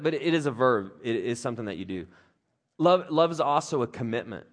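A man in his thirties delivers a casual, conversational sermon. His pitch leaps up and down as he jokes and mimics others, then settles back to plain teaching. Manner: animated, conversational, jokey, with playful voices for others. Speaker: pastor.

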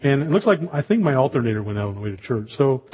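A man's voice: mid-range voice, very animated, racing, husky, highs cut off. A man preaching a sermon as pastor, telling a humorous everyday story with chatty asides to the congregation.

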